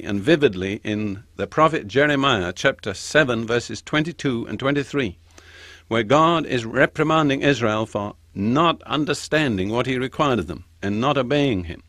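An older man giving a Bible teaching, slowing down to stress each quoted verse. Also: medium pitch, a bit bright, dry recording. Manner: slows down and stresses quoted scripture. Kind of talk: sermon-style Bible teaching.

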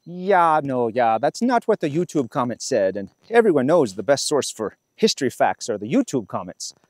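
A man's voice: very animated, normal speed, a little mellow, no room sound, clean studio sound. A man playing a brash, mocking Yankee soldier with an exaggerated put-on Minnesota accent. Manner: brash, mocking, high-pitched jabs.

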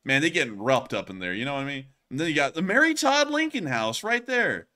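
A man's voice: fairly high pitch, big pitch swings, fast, sharp tone. A man hosting a show, chatting casually and joking, laughing often and stumbling over his words. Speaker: news show host. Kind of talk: casual banter on a live show.

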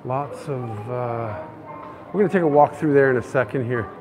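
A Canadian man narrating a casual walking tour of city streets, chatty and excitable. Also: mid-range voice, moderate pace, over music. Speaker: vlogger. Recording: faint outdoor street noise. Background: faint traffic and street noise.

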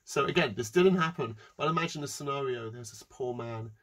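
A man's voice: mid-range voice, brisk, a bit bright. A man teaching a session on giving, telling a story and acting out its voices with animation. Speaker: educator.

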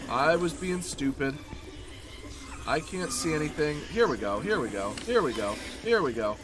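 A man's voice: mid-range voice, very animated, moderate pace, pauses often, noisy background. A man hosting a horror game let's play, joking with the enemy and yelping whenever he gets hit. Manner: jokey, talks to the enemy, yelps when hit. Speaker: gaming channel host.

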